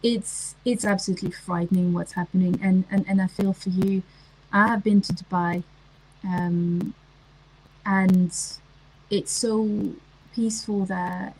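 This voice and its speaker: A woman's voice: medium pitch, darkish tone, breathy edge, rough recording. Lady hosting a stream, chatty, lots of ums, keeps restarting. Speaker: livestream host. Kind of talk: casual livestream chat reading comments.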